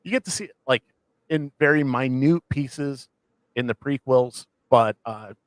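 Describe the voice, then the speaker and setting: A man co-hosting a casual podcast, rambling with many restarts as he excitedly retells scenes. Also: mid-range voice, measured pace, no room sound. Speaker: podcast co-host. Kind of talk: casual chat.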